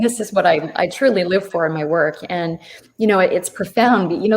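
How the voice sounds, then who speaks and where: An earnest woman talks through her story in an interview. Her voice sits at an ordinary middle pitch, and she speaks reflectively, restarting phrases and laughing softly. It sounds like a video call. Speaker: children's book author, guest. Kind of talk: conversational interview.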